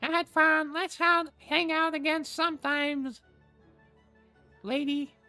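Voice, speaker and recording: A man voicing a bratty, loud little girl in a high, squealing voice. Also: flat delivery, slow pace, faint music behind, heavily acted. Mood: cheerful. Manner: squealing, teasing.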